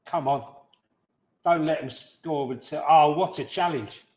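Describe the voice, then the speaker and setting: A man co-hosting a football watch-along, loudly heckling and swearing at the game. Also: fairly high pitch, unhurried. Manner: loud, swearing fan heckling the screen.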